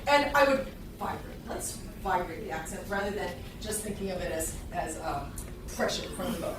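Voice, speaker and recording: A woman with a lowish voice teaches a violin master class live in a concert hall with an audience, speaking animatedly at normal speed, encouraging and chatty, and singing phrases to show how they should go. The distant mic captures echo, noise and violin playing.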